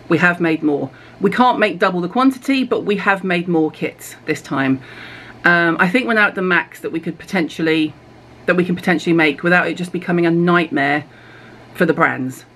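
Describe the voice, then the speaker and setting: A middle-aged British woman chatting casually to camera as she unpacks skincare kits, candid and self-mocking with quick asides. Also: fairly low pitch, fairly bright tone. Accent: British English. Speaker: skincare vlogger. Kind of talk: casual product reveal to camera.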